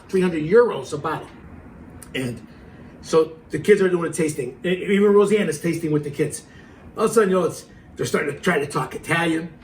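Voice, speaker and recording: A middle-aged man telling a story in a casual, animated way, acting out the quotes and laughing as he goes. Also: on the high side, vocal fry, far from the mic, slight background noise, low-quality recording.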